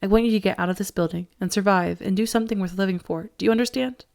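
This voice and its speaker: A woman reading the part of a dying father who speaks quietly, slowly and with a trembling voice. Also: medium pitch, vocal fry, close to an everyday voice. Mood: weak, strained. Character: dying father, weak, strained, loving.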